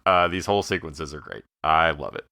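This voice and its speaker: A man with a very deep voice co-hosts a movie podcast, rambling cheerfully with plenty of ums. His tone is bright and forceful, and the sound is dry with no room in it. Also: a little fast, creaky, no echo. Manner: enthusiastic, rambling, lots of fillers, laughs while quoting. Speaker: podcast co-host. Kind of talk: casual movie discussion podcast.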